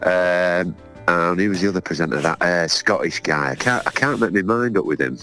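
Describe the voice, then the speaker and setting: A man's voice: sits low, normal speed, music in the background. A man, telling rambling, self-mocking stories in a casual chat as podcast co-host.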